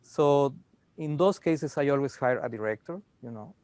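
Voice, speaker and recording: Casting: man on a panel, mid-pitched, dry close mic, many "you know"s. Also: moderate pace, darkish tone, no echo. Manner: explanatory, frequent "you know" fillers. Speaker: dubbing studio head. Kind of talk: panel discussion.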